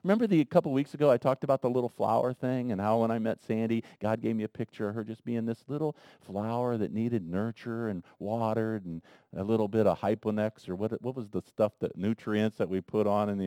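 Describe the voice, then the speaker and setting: A man preaching a sermon in a conversational way, talking straight to the men in the room and swinging between soft asides and loud emphasis. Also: lowish voice, fast talker, clean tone, no room sound, clean studio sound. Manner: conversational, addresses men in the congregation directly. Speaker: pastor.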